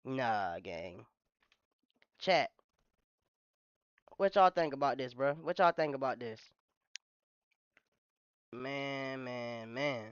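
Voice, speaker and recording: A woman streamer reacting live, addressing her chat in heavy slang and dropping her voice low for emphasis. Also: lively intonation, extremely slow, pauses often, clear, resonant tone, dry recording, highs cut off.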